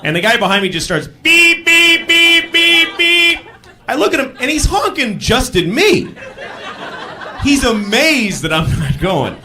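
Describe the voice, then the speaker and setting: A man performing stand-up comedy, acting out the people in his stories by shouting them in a high voice. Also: big pitch swings, normal speed, a little hiss or hum. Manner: acts out shouting characters in high voice. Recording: live club with crowd. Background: audience laughter.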